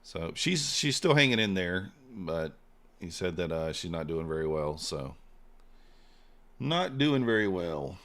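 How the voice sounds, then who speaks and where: A man's voice: sits low, sing-song, measured pace, a bit bright. A man chatting casually on a live trading stream, rambling with lots of fillers and trailing off.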